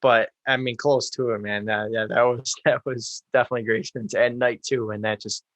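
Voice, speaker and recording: A young man chatting as a podcast guest, agreeable and steady in his delivery. His pitch is ordinary but the melody is flat and even, and the sound is dry and close. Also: a little fast, no echo. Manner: agreeable, steady, many fillers. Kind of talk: casual chat.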